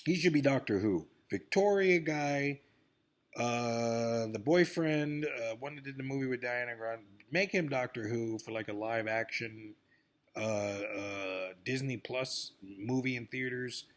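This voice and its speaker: A man's voice: medium pitch, unhurried. A man in a rambling, profane vlog rant about celebrity news, swinging between grumbling and outbursts. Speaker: vlogger.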